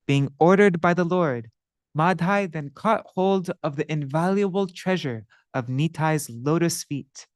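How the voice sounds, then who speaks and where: A man reading scripture aloud, translating verses and adding commentary with steady, careful delivery. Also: on the high side, a little slow, dry recording. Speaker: scripture reader and teacher. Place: indoors, livestreamed.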